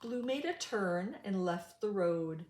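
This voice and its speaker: A woman reading a children's picture book aloud, slowly, with a sing-song storytelling manner. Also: mid-range voice. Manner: slow, lively storytelling with sing-song voices for animals. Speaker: storybook reader. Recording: roomy echo.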